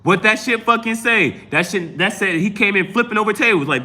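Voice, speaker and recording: A man's voice: high-pitched, expressive, fairly quick, bright, forceful tone. A man hosting a live tarot stream, talking in a rambling, profane, emphatic way and often restarting his sentences. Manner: repeats and restarts phrases. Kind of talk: casual live-stream talk.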